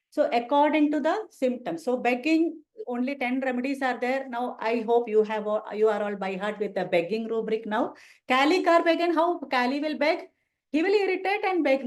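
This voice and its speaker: A woman gives a relaxed case-discussion lecture to students. Her voice sits somewhat high for a woman, and she talks in a loose, conversational way, tagging points with questions and slipping into acted patient lines. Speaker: homeopathy teacher.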